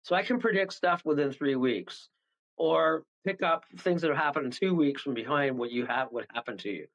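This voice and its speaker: A man's voice: a little high, normal speed, creaky, a bit bright. A man, a medium guest on a radio show, chatting casually and rambling through stories with frequent chuckles. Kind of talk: casual radio interview chat. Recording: dull lo-fi call audio.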